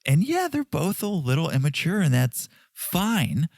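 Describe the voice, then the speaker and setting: A man's voice: fairly high pitch, big pitch swings, unhurried, creaky, no room sound, studio quality. A man in his thirties from Connecticut, co-hosting a casual podcast chat in a playful, jokey way. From Connecticut, USA. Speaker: podcast co-host.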